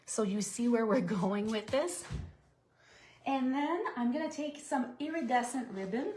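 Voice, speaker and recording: A woman's voice: a little high, a little slow, a little mellow, roomy sound, slight background noise. A woman leading a live card-making tutorial, chatting and explaining each step while reading viewer comments.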